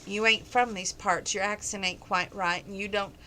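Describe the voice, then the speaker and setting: Feisty bar-owner woman, brash and blunt, bright tone, read by a woman narrator. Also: mid-range voice, fairly even intonation, a little hiss or hum, close to an everyday voice. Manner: brash, quick comebacks.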